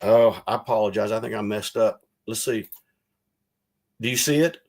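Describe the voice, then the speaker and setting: A former legislator appears as a guest on a video call, telling stories casually and rambling as he recounts events, retelling quotes in a lively voice. His voice is fairly low and his pace moderate.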